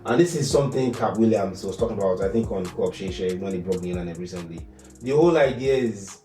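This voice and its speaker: A man with a Nigerian accent, co-hosting a casual podcast chat in a relaxed, musing way. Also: on the low side, reverberant, recorded from a distance, soft background music. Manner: relaxed, musing, quick filler agreements. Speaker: podcast co-host.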